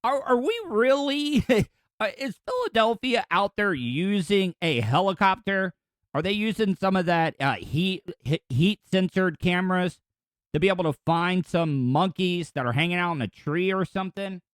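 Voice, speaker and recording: Male podcast host, slightly high voice, dry close sound, rambling comic riffs. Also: expressive, moderate pace, no room sound. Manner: rambling, crude joking asides. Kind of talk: comedic news commentary.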